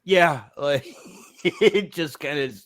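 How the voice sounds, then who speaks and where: Man, podcast co-host, casual, laughing, animated retelling. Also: fairly high pitch, slow, no echo, clean studio sound. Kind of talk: casual chat.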